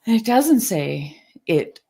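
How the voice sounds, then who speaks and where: A woman podcast host who reads a passage aloud and then chats casually, earnest and quick to laugh. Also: medium pitch, gravelly, slightly rough. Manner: earnest, quick to laugh, lively when excited.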